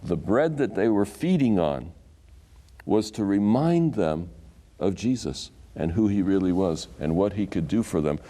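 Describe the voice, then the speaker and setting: A man, a Bible scholar and guest, teaching scripture in conversation and acting out the quotes in a lively way. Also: deep voice, measured pace. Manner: animated storyteller who acts out quotes.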